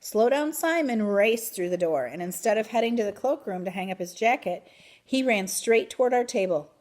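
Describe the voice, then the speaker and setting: A woman reading a children's book aloud in an expressive, animated way. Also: mid-range voice, moderate pace. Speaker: reader. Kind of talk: storybook read-aloud.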